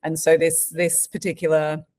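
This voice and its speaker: Low-pitched woman hosting an interview podcast. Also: little pitch movement, moderate pace, darkish tone. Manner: encouraging, asks questions with brief affirmations. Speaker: podcast host.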